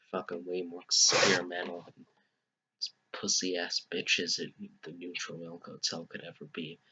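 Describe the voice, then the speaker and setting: Deep-voiced young man, profane rambling rant. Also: sharp tone, slight background noise. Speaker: album reviewer. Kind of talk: deliberately crude parody review. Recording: muffled lo-fi home recording.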